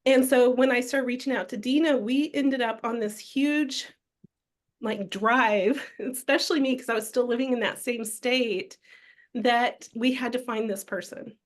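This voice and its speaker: A woman's voice: fairly high pitch, fairly even intonation, unhurried. A woman guest telling her story in an interview, earnest and reflective.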